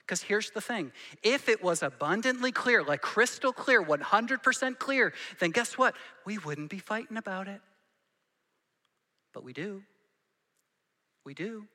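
A man's voice: sits high, pushed and bright, long reverb tail. A man preaching a sermon as a pastor, conversational, asking rhetorical questions and repeating key lines for emphasis, in a church sanctuary.

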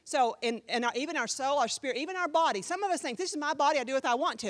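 Lively high-voiced woman pastor preaching. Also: fast talker, hardly any pauses. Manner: emphatic, conversational preaching with sudden jumps in volume. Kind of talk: sermon teaching.

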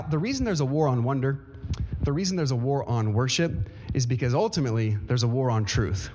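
Animated preaching man. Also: medium pitch. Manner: animated preaching, slowing down to read scripture. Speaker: pastor. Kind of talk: sermon.

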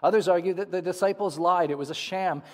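Man preaching in an echoing hall. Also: fast. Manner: dramatic, drops to soft low endings. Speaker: pastor. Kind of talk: Easter sermon with scripture reading.

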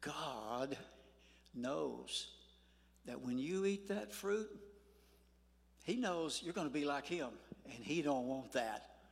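A man's voice: on the high side, lively intonation, slow, gravelly, pauses often, voice pushed down, full character voice. A man voicing a sly male serpent, coaxing and insinuating, in an echoey church hall.

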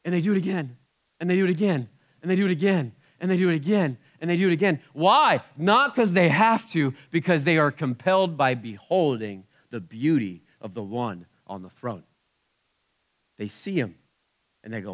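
A man preaching a sermon in an animated way, acting out the cries he describes. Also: a little high, moderate pace. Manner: animated, acts out the creatures' cries. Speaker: pastor.

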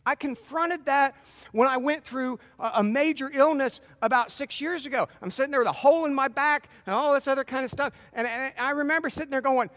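A middle-aged man preaching a sermon, earnest and animated, with self-deprecating asides. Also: extremely high pitch, a little fast. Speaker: pastor. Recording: long hall reverb.

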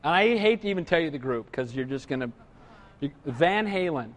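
A man's voice: fairly high pitch, lively intonation, a little fast, big-room sound. A middle-aged man preaching a sermon, joking and telling stories, often asking listeners "right?". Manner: storytelling with humor, asks listeners "right?". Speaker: pastor.

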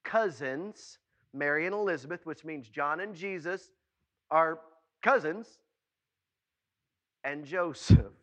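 A man preaching a sermon, animated, often calling out questions to his listeners and acting out the voices of people in his story. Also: a little high, slow pace, long pauses.

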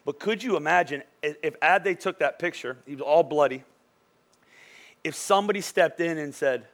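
A pastor in his thirties delivers a sermon with lively, storytelling energy, checking in with his listeners again and again. His voice sits high for a man and carries a gravelly edge. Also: normal speed. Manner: animated storytelling, frequent "right?" asides.

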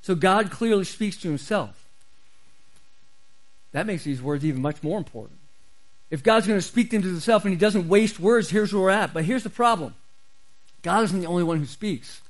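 A man's voice: high voice, normal speed, pauses often, poor audio. A man preaching a sermon as pastor, emphatic and repeating key phrases for stress.

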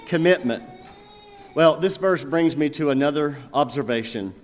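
A male pastor preaching with a slightly raised voice, telling stories and drawing out key words for emphasis. A long reverb from a large hall trails after each phrase. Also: on the high side. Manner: storytelling, emphatic, with slow pointed phrases. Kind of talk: sermon.

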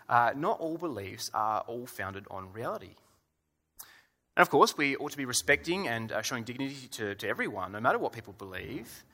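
Bright and forceful, this mid-range male voice belongs to a preacher giving a conversational sermon in a church hall of about a hundred people. He is wry, asking rhetorical questions and using plenty of fillers.

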